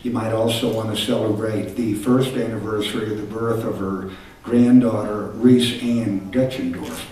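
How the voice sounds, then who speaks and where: A man's voice: fairly low pitch, steady tone, moderate pace, background noise. Older man telling stage stories, echoey hall. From Texas. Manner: reflective, self-deprecating storytelling. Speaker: singer-songwriter. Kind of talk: stage talk between songs. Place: concert stage. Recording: echoey live hall from far off. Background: guitar music.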